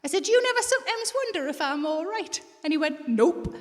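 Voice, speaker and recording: A woman comic with a North East English accent and a high voice tells bawdy stories in a deadpan way, putting on the voices of the people in them. Her voice rings out with long reverb through a big theatre. Loud laughter from the crowd fills the room behind her. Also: quick pace, heavy background noise. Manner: bawdy deadpan storytelling, acts out quoted voices. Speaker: stand-up comedian. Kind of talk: stand-up comedy set. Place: large theatre with live audience. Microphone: stage microphone.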